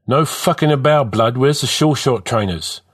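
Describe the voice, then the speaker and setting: A man's voice: mid-range voice, normal speed, breathy edge, pitched above the performer's own voice, natural voice. A man voicing a blunt young male crew leader who talks in street slang.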